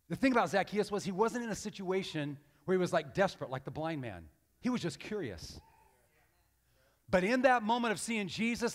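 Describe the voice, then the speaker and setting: A man giving a sermon as guest pastor, impassioned and animated, acting out the voices he quotes. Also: sits high. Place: church sanctuary. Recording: long hall reverb.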